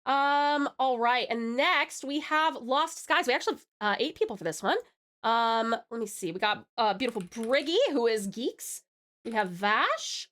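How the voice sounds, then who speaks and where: Bubbly high-voiced American woman streamer. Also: lively intonation, moderate pace, fairly bright tone. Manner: bubbly, affectionate, giggly, calls chatters pet names. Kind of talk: casual live-stream chat.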